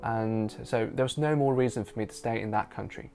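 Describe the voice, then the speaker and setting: A man's voice: fairly low pitch, a little fast, gravelly. A man from China, a native Mandarin speaker, telling a personal story in English in a chatty way, with many fillers like "you know" and "um". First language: Mandarin Chinese. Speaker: interpreter and storyteller. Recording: soft guitar music underneath.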